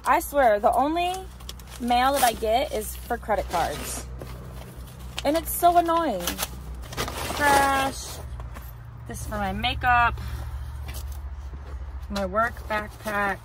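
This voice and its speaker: A woman's voice: fairly high pitch, animated, slow pace, pauses often, background noise. A young woman in her twenties, chatting casually for her vlog in an upbeat way with lots of fillers. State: out of breath. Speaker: vlogger. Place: in her car, then at home by a bookshelf.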